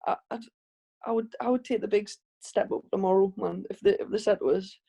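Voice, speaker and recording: A Geordie woman speaks over a video call as a guest in a casual interview. Her voice is dark and mellow with a gravelly fry running through it. She tells her stories in a relaxed, chatty way, restarting her sentences often. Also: medium pitch, a little fast. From Northeast England. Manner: chatty storytelling with frequent restarts and laughs. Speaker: professional boxer, guest.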